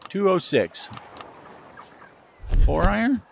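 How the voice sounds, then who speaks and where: A man's voice: high voice, big pitch swings, slow, gravelly, a little hiss or hum. Chatty man commenting on VR golf. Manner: chatty, self-deprecating, talks to the ball. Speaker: gaming channel host. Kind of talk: casual gameplay commentary.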